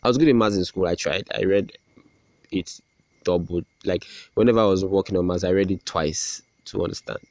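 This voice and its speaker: Young male podcast host, very low voice, dry close mic, rambling and sarcastic. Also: a little fast, darkish tone, no echo. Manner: rambling, sarcastic, self-deprecating, with many restarts. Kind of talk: casual solo podcast rant.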